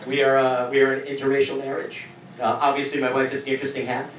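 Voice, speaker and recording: A man's voice: mid-range voice, monotone, fast talker, heavy background noise. A man of forty doing a stand-up comedy set, wry and self-mocking, often acting out the voices of people he quotes. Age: 40s. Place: comedy club stage before a laughing crowd. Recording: roomy club audio from a distance, crowd laughter.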